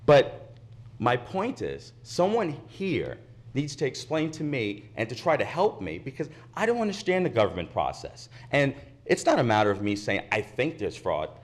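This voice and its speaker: A man's voice: mid-range voice, huge pitch swings, normal speed. A man giving impassioned public comment at a county commission meeting, indignant and insistent, repeating his points at a podium microphone. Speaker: resident speaking at public comment.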